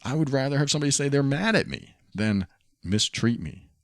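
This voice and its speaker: A man's voice: mid-range voice, lively intonation, a little fast, no room sound, studio quality. A man hosting a solo podcast, talking earnestly and reflectively, often repeating his key phrases. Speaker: podcast host.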